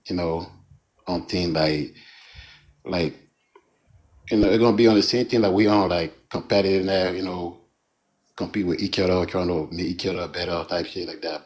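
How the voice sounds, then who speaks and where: Low-voiced man, casual panelist, stumbling through his point. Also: low-quality recording. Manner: halting, many fillers. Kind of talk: casual live discussion.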